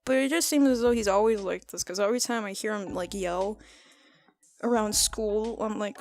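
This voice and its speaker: A teenage girl telling rambling high school stories in a casual storytime, often laughing and restarting her sentences. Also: moderate pace. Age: teens. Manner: rambling, laughing, self-correcting. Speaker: art vlogger. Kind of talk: casual storytime over a speedpaint.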